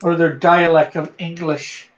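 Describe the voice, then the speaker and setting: A relaxed stream host from Canada talks casually while reading viewer comments aloud. The voice sits at a middling pitch. The sound is somewhat dull and lo-fi. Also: unhurried. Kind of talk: casual chat on a live drawing stream.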